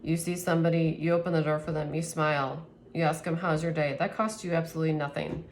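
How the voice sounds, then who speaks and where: A woman reads tarot for her viewers in a low voice, earnest and easily moved, laughing now and then. She rambles and restarts her sentences. A faint hiss of noise sits behind her. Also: fairly even intonation, fast. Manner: earnest, emotional, laughs often. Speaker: tarot reader. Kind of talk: spiritual tarot reading to camera.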